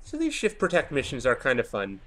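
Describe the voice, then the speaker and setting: A man's voice: mid-range voice, wildly swooping pitch, fairly quick, fairly bright tone. A man giving casual commentary over a video game, rambling and losing his train of thought. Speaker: let's play commentator.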